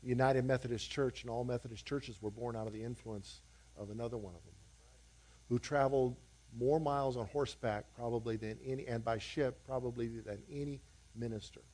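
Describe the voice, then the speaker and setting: A man's voice: medium pitch, fairly even intonation, a little fast, a little mellow. A male pastor encouraging his congregation and giving church announcements. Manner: encouraging, declarative.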